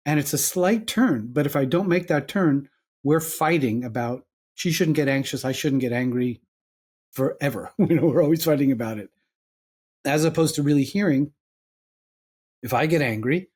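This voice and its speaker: Older new york guy, husky voice kinda high, guest on a podcast, does little voices for both people. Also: moderate pace, a little mellow. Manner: acts out little dialogues with shifting voices. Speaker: guest psychologist and author. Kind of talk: reflective interview talk.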